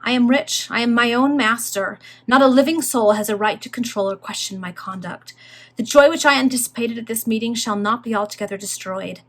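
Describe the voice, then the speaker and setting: A woman's voice: a little high, brisk, a bit bright. A woman reading an emphatic proud earl. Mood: earnest. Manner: emphatic, formal old-fashioned speech. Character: earnest proud male nobleman, an earl, declaring love. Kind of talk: reading a Victorian novel aloud.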